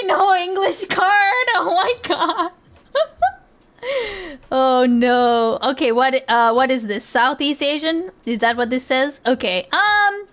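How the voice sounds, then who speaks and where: High-voiced chatty woman streamer. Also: a bit bright. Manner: chatty, giggly, thinks aloud with many fillers. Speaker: streamer reacting to accent clips. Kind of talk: casual live-stream commentary.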